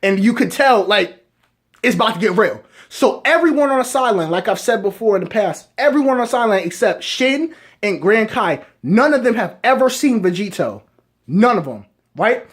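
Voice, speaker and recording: A young man talks through a storyline in loose, rambling commentary, checking in with "right?" after almost every point. His voice sits high for a man and stays casual throughout. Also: animated, moderate pace, breathy edge. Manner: rambling, keeps asking "right?". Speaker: video reviewer.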